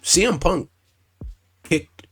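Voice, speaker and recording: A man's voice: high voice, expressive, takes it slowly, fairly bright tone, husky, soft background music. A young man casually recapping wrestling shows, rambling, swearing, restarting sentences and acting out what others said.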